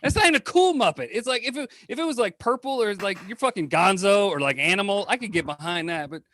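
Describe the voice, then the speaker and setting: A brash man tears through a stand-up set with a profane, punchy delivery. His voice sits a bit high for a man. The sound is dry and close, with almost no room in it. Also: expressive, fast talker, sharp tone, no room sound. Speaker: stand-up comedian. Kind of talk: stand-up routine. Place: home over a video call. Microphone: computer or phone mic on a video call.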